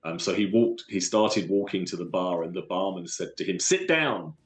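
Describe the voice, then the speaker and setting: A man from London with a London accent, a guest telling stories from his life in an earnest, halting way with many restarts. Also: low voice, steady tone, darkish tone, echoey room, soft background music. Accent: London English. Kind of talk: casual storytelling interview.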